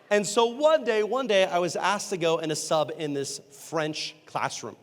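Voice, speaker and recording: A man with a fairly high voice tells a funny story on stage, jumping into character voices and poking fun at himself. The sound carries a long reverb from a large hall. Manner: animated, acts out characters with quick voice changes; self-deprecating comic timing. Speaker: motivational speaker and entertainer. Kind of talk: humorous storytelling keynote.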